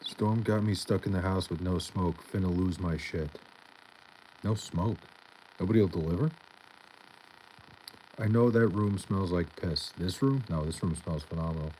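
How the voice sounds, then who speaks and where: A young man casually reading out and answering chat on a live stream, laid-back and profane with a deadpan tone. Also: sits low, unhurried, long pauses, a little hiss or hum, rough recording.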